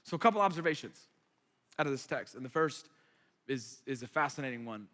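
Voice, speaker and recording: A man's voice: mid-range voice, expressive, fairly quick, fairly bright tone. A man preaching a sermon as a pastor, conversational and emphatic with playful asides. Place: church hall. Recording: reverberant hall.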